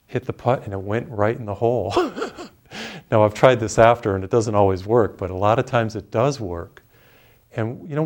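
Relaxed and storytelling, a middle-aged preacher guides his listeners into slow, deep breathing as part of his sermon.

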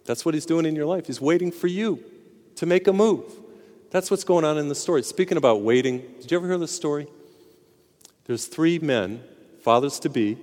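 A man's voice: mid-range voice, a little mellow. A man, a priest, giving a sermon in a conversational, storytelling way, sometimes emphatic, in a large reverberant hall.

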